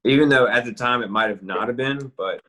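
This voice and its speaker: A man hosting a podcast in casual chat, talking in a laid-back, drawn-out way. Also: mid-range voice, crowd noise, rough recording. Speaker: podcast host.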